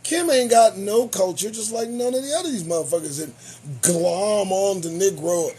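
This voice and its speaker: A man's voice: high-pitched, normal speed, slight background noise. A man hosting his own show, giving profane, sarcastic commentary on the news. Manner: animated, swearing, sarcastic. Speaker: show host.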